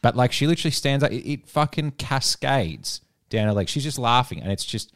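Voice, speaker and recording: A man co-hosting a podcast in casual chat, expressive and incredulous. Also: mid-range voice, a little fast, no echo, clean studio sound. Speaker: podcast co-host.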